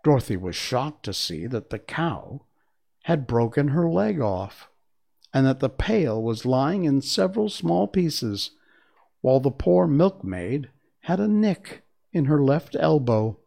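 Gravelly man reading a storybook aloud. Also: mid-range voice, takes it slowly. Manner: expressive, storytelling. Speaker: narrator.

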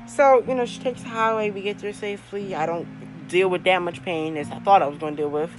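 A young woman with a mid-range voice hosts her own podcast and rambles through a personal story. She talks casually, laughing often and filling pauses with ums and you-knows. Faint music plays under her voice. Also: medium pitch, steady tone, poor audio. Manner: chatty, laughs often, many fillers. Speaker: podcast host.

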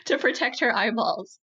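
A woman's voice: fairly high pitch, expressive, takes it slowly, bright, forceful tone, husky, dull audio. A young woman co-hosting a casual group chat, chatty and self-deprecating, with lots of filler words. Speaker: podcast co-host.

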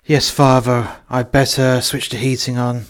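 A man playing an anxious father of a possessed boy who stammers and rushes his words, in an amateur comedy horror skit. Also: medium pitch, flat delivery, natural voice. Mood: worried.

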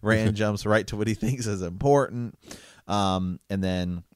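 Low-voiced guy chatting about a book and reading bits out, laughs a lot, dry sound. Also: unhurried, clear, resonant tone, no room sound. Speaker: book discussion co-host. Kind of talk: casual chat reading aloud from a novel.

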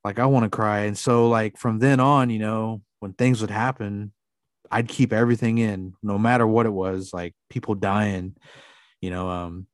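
Low-voiced man, earnest and rambling. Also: fairly even intonation, moderate pace, dry recording, studio quality. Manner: earnest, rambling, lots of fillers. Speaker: podcast co-host. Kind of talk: casual podcast chat.

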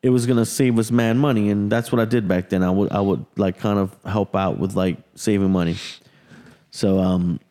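A man's voice: on the low side, steady tone, moderate pace, mellow. A man, the host of a podcast, telling a long and profane story in casual chat. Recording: long hall reverb.

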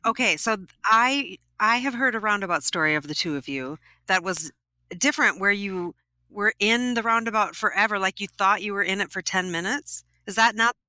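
A woman co-hosting a podcast in casual chat, unhurried, listening and adding her own memory of the story. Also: medium pitch, pushed and bright, no room sound. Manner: unhurried, listens, short replies, laughs along. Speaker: podcast co-host.

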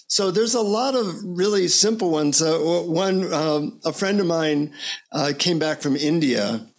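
A man speaking as a guest over a video call, telling stories in an animated, relaxed, upbeat way. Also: on the high side, unhurried. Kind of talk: casual conversational interview.

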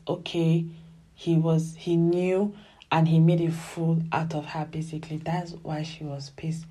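A woman giving casual, animated commentary as she reviews a television drama. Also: on the low side, breathy edge. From Nigeria. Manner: animated and emphatic, often acts out dialogue.

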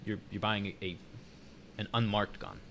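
Guy with a lowish voice chatting on a podcast, faint hiss behind. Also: steady tone, a little slow, vocal fry, fairly bright tone. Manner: conversational, reads articles aloud. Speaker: podcast co-host. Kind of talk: casual podcast discussion.

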